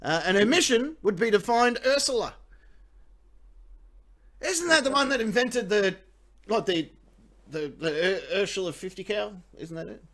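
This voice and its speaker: High lively Australian man joking crudely. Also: normal speed, long pauses. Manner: crude joking, laughs often, trails off into fillers. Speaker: host. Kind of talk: casual comedic live-stream banter.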